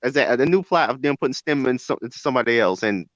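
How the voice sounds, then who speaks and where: Man with mid pitch, halting chatter, dull lo-fi recording. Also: expressive, fairly bright tone, no room sound. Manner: repeats himself, halting restarts. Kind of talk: casual chat.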